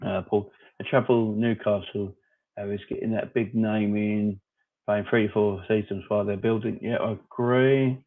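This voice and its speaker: A man's voice: lowish voice, steady tone, moderate pace. A man hosting a casual live-stream chat, answering viewers by name in a rambling, opinionated way. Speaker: fan channel host reading live chat. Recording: phone-like narrow audio.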